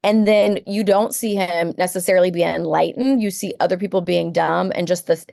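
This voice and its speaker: A woman's voice: lowish voice, steady tone, moderate pace, creaky, mellow, no echo, clean studio sound. A woman from rural Texas, chatting thoughtfully as a podcast guest and often quoting people. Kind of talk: casual chat.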